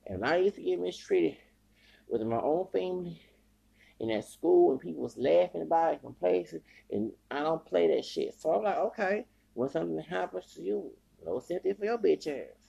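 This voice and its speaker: Gravelly, husky man ranting heatedly. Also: fairly high pitch, expressive, moderate pace, mellow. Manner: heated, profane ranting with repetition. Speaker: podcast host. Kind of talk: angry podcast rant.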